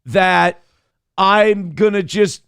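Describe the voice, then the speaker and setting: A man's voice: sits high, very slow, vocal fry, fairly bright tone, clean tone, no room sound, studio quality. A man hosting a casual morning talk show, rambling and self-deprecating as he reads viewer messages aloud. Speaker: show host.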